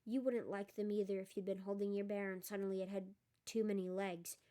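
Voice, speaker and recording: A woman voicing a jumpy, gruff schoolboy in an audiobook, talking tensely. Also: mid-range voice, level tone, a little fast, mellow, close to an everyday voice. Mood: fierce. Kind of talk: audiobook character voice.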